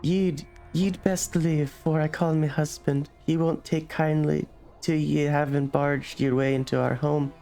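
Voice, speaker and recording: A man's voice: a little high, level tone, a little slow, faint music behind, voice pushed up. A man voicing an anxious middle-aged woman who speaks hesitantly in an old-fashioned dialect. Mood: worried. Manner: hushed, hesitant, rough old-world dialect.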